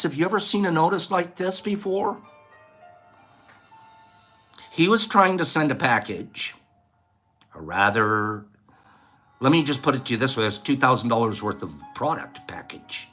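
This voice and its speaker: Man, casual vlog host, rambling lecture, lively pitch, faint music behind.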